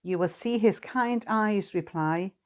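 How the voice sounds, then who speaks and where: A woman delivering a short sermon reflection to her church. Her mid-pitched voice is gentle and earnest, with a pastoral warmth in how she addresses the congregation. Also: slow pace. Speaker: lay preacher.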